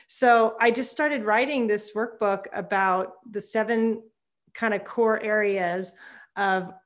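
Candid fifties woman, therapist guest on an interview, open and animated. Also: medium pitch. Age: 50s. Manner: candid, animated, laughs often. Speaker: psychotherapist guest. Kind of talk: conversational interview.

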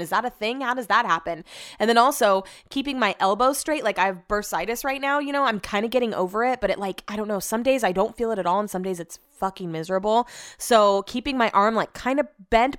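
A young adult woman talking casually to her followers, telling an animated story with swearing and acted-out dialogue. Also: mid-range voice, smooth. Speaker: vlogger.

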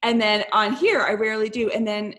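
A woman with a fairly high voice hosts a casual podcast chat. She talks in an upbeat, chatty way and is quick to laugh. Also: steady tone, fairly bright tone. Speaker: podcast host.

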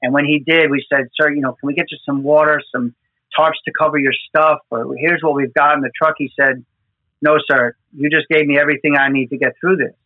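A man's fairly high, steady voice moves at a fairly quick pace, with no echo on a tinny phone-like line. He works disaster response with a New York fire department team and tells field stories in an earnest, emotional, conversational way, often repeating words.

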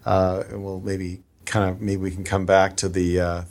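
A man's voice: sits low, flat delivery, normal speed, a little mellow. A man hosting a podcast, talking casually and with enthusiasm, using lots of fillers. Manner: enthusiastic, upbeat, with frequent fillers. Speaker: podcast host. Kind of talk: casual conversation.

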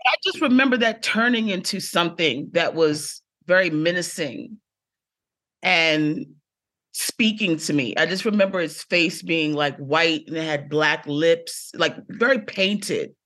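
Woman, bright voice, theatrical storyteller, casual chat. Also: fairly low pitch, measured pace. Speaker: guest comedian.

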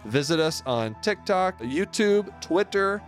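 A man's voice: medium pitch, animated, moderate pace, faint music behind. A man in his thirties co-hosting a podcast, reading the outro in a joking, casual way with many restarts. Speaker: podcast co-host.

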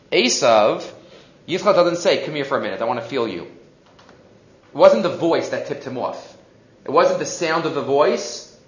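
Lively male Torah teacher, rhetorical questions, echoey lo-fi room. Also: a little high. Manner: mixes Hebrew and English, asks rhetorical questions. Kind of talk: animated Torah class. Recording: echoey, dull lo-fi classroom recording.

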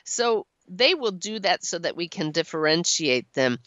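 A middle-aged woman hosting a call-in radio show, encouraging and quick to laugh. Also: lowish voice, very animated, no echo, lo-fi sound. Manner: warm-voiced, encouraging, laughs often. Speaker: radio show host and channeler. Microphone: studio microphone.

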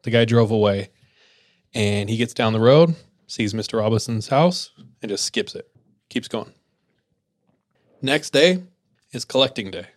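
A man hosting a podcast, telling ghost stories in a relaxed way with lots of filler words. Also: medium pitch, dry recording. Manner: relaxed, filler-heavy, laughs easily. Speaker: podcast host. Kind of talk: casual spooky storytelling.

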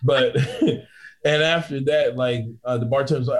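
Man telling a lively bouncer story. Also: mid-range voice, a little fast, poor audio. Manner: animated, acts out both sides of the story. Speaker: guest bouncer. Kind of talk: casual storytelling.

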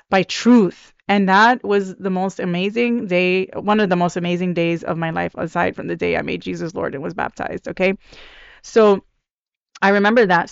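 Earnest woman podcaster, smooth voice. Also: medium pitch, dry recording, lo-fi sound. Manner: earnest, conversational, with many restarts. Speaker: podcast host. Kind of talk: devotional podcast talk.

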